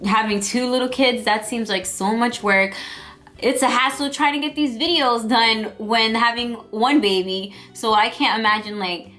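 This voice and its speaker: A woman's voice: fairly high pitch, bright, forceful tone. A young woman telling her birth story as a vlogger, chatty and emotional, with lots of fillers. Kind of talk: personal storytelling vlog.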